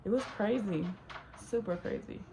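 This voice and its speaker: A young woman telling a rambling, animated story, filling it with "like.". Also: mid-range voice, moderate pace, creaky, background noise. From Los Angeles. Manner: rambling, says "like" constantly, animated. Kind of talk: casual storytime.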